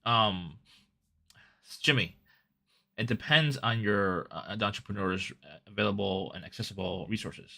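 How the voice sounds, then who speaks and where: A man chatting on his live stream in a rambling, self-conscious way, stumbling over restarts. His voice is low with a gravelly rasp and a bright, tense edge. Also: normal speed. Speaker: livestreamer. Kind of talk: casual live stream chat.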